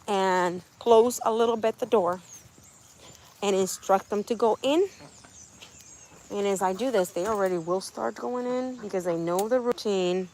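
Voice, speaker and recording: A woman's voice: mid-range voice, measured pace, darkish tone, slight background noise. A woman vlogging outdoors by her chicken coop on a phone camera, chatting and coaxing her birds inside. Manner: coaxing, talks to her animals. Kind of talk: casual vlog chat.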